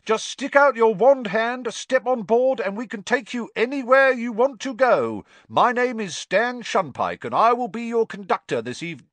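A brash young bus conductor, loud and cheeky, his voice pitched high above the narrator's and swinging up and down. He sounds close and dry, with no room around him. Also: sing-song, normal speed, dry recording, heavily acted. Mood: showy announcing.

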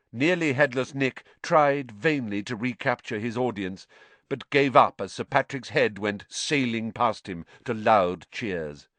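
A man narrating a storybook in an expressive, animated way. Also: medium pitch, no echo. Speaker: audiobook narrator.

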